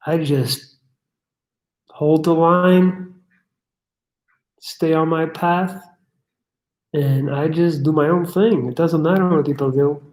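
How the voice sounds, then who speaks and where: A young man hosts a casual livestream where he bluntly reads chat questions aloud, swears, and riffs. His voice is a little high and a little mellow with a steady tone, and he takes it slowly with long pauses. The room is echoey.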